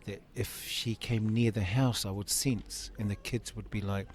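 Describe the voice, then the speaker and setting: A man's voice: fairly low pitch, steady tone, measured pace, a little mellow. A man in his fifties giving an interview, telling a personal story earnestly and acting out the dialogue. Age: 50s. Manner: earnest, acts out quoted dialogue. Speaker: interview guest.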